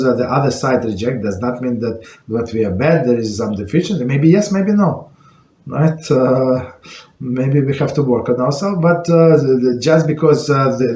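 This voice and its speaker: Halting man teaching a class in an echoey room. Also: medium pitch, darkish tone. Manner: halting, many fillers and restarts. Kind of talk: informal Torah lesson. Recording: echoey room with faint noise.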